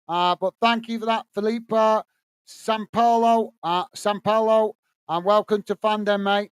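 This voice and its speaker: Man, high and smooth, dry close mic, casual fan match commentary host. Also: steady tone, a little slow, no room sound. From England. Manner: casual, reads viewer messages between play-by-play. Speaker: watch-along host. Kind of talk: live fan commentary and chat reading.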